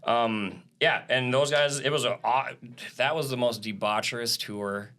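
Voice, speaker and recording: A man in his thirties, a live sound engineer, telling stories in a casual podcast interview, animated and swearing freely. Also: mid-range voice, a little slow. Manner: animated storytelling with frequent swearing and laughs. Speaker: live audio engineer and drummer.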